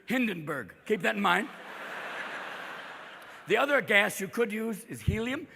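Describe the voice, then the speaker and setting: A man doing a stand-up comedy set, talking in a manic, rapid-fire way and jumping into shouted character voices in front of a live audience. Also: sits high, very animated, vocal fry, slight background noise. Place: large hall with a live audience. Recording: reverberant live hall, crowd faintly behind.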